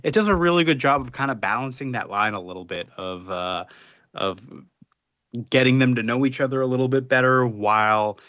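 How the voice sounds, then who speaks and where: A man's voice: mid-range voice, lively intonation, fairly quick, bright, forceful tone, no room sound, muffled recording. A man co-hosting a casual comics podcast, recapping the plot loosely with lots of fillers. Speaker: podcast co-host.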